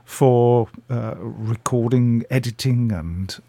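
An older man appears as a radio guest, telling chatty, self-deprecating anecdotes and acting out the voices. His medium-pitched voice is gravelly and dark, and he takes it slowly. There's no echo.

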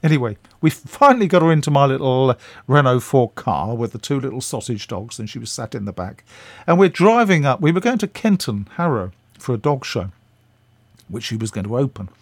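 An older man tells a story as a radio guest, his pitch swinging widely as he acts out each scene. He chuckles between lines. The sound is close and dry. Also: sing-song, brisk, no room sound. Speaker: interview guest. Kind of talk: anecdotal storytelling.

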